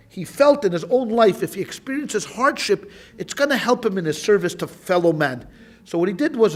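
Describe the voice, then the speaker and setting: A man teaching a Talmud class as a rabbi, telling a story in a loose, informal way, with many restarts and repeated phrases. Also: high voice.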